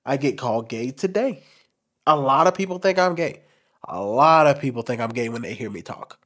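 A young man with a soft, light voice he calls feminine, telling a candid personal story to camera in an expressive, forward way and talking with his hands. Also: medium pitch, normal speed. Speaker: commentary channel host.

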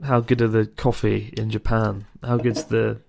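An Englishman with a somewhat low voice chats as a podcast guest. He rambles through his anecdotes with a wry, self-mocking humor. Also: flat delivery, moderate pace, creaky, mellow, a little hiss or hum. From England. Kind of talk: casual podcast chat.

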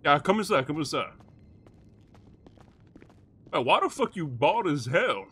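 A man's voice: fairly high pitch, sing-song, measured pace, fairly bright tone, slightly rough. A man role-playing a prison gang boss in game voice chat, talking brash street slang and barking orders.

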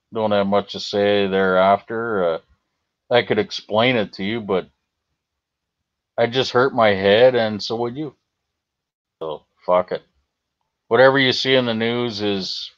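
Profane, unhurried Canadian man streaming. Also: on the low side. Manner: profane, rambling, reading and answering chat. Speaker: livestream host. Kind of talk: casual livestream chat. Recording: slightly dull lo-fi stream audio.

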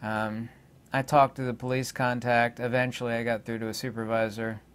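A man hosting his own channel, talking in a rambling, indignant way and pausing on many filler words. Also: medium pitch, little pitch movement, clean tone. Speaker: channel host. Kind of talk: rambling casual monologue.

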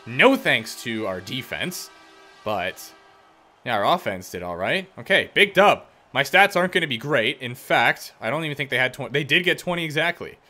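A man giving joking, excitable play-by-play of his own video game, breaking into loud outbursts and teasing the opponents. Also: medium pitch, normal speed. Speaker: gaming YouTuber. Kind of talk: let's-play commentary.

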